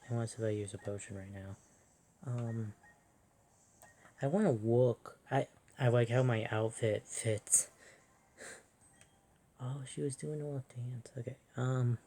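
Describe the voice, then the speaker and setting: A soft-spoken person musing aloud while playing a video game, often self-deprecating. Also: medium pitch. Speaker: let's play host.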